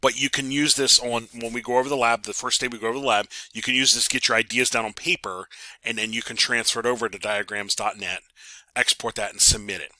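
A man's voice: mid-range voice, sharp tone, no room sound. A man teaching a networking class over a screen recording, talking casually with many ums and repeated words. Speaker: networking instructor.

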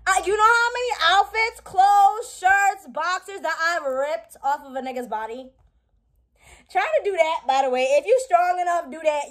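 A young woman vlogging in a blunt, profane, joking casual chat. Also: high voice. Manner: blunt, profane, animated, jokey.

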